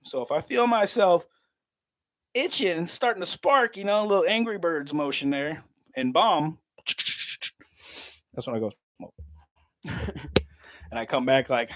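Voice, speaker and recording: A man's voice: on the high side, slow pace, long pauses, a bit bright, dry recording, studio quality. Laughing, swearing man chatting to his stream. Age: 30s. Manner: laughs often, swears casually, talks to chat. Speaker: livestreamer. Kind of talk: casual livestream chat.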